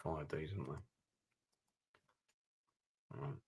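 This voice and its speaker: A man's voice: very deep voice, slow pace, darkish tone, a little hiss or hum. A man streaming a strategy game, giving gameplay commentary and thinking aloud with muttered asides.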